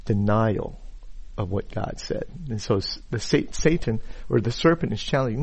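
Unhurried man preaching a sermon. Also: on the low side, expressive, creaky, a little mellow, slightly rough. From Chinese background. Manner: unhurried, repeats words while thinking, reads scripture aloud. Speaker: pastor.

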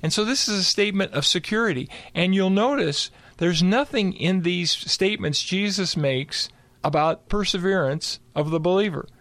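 A man's voice: high-pitched, expressive, moderate pace, fairly bright tone, no echo. A man co-hosting a theological discussion, explaining scripture by quoting it verse by verse. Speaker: co-host and Bible teacher.

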